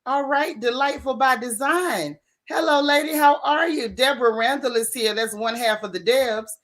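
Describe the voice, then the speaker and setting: A woman hosting a casual livestream, greeting viewers by name in a playful, animated way. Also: high-pitched, moderate pace. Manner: playful, animated, Southern-leaning slang. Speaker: livestream host. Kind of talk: casual live chat.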